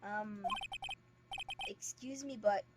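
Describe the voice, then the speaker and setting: A woman's voice: medium pitch, slow pace, close to an everyday voice. A woman reading aloud in her own voice as a puzzled young male lawyer. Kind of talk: reading game dialogue aloud. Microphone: streaming mic. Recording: very loud static hiss, poor stream mic.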